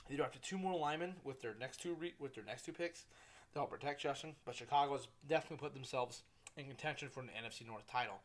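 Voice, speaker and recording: A man's voice: mid-range voice, fast talker. A young man hosting his own casual sports podcast, rambling, correcting himself and swearing freely. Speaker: solo podcast host.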